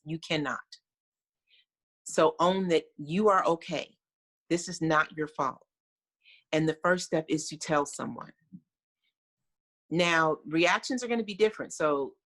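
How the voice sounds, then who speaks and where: A woman's voice: sits low, unhurried, long pauses, a bit bright. A middle-aged American woman, a guest on a video call, telling her story in an earnest, reflective way with many fillers. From United States.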